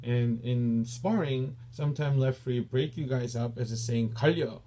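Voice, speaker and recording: A man's voice: medium pitch, warm tone, a little hiss or hum. A man with a Korean accent, a taekwondo instructor, patiently explaining and repeating Korean training terms for his students. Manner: explains patiently, repeats each term slowly. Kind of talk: teaching Korean dojang terms.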